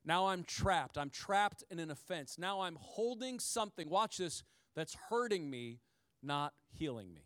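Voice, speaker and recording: A man preaching a sermon as pastor, in a conversational, animated way, with frequent asides to the congregation and key phrases repeated for emphasis. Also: fairly high pitch, unhurried, clear, resonant tone, dry recording, clean studio sound.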